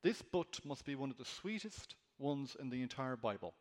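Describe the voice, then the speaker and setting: A man preaches through a passage verse by verse, earnest and emphatic, his voice rising on the words he stresses. His pitch sits in the middle range for a man. The sound carries a long reverb from a church hall. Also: expressive, moderate pace. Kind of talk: expository sermon.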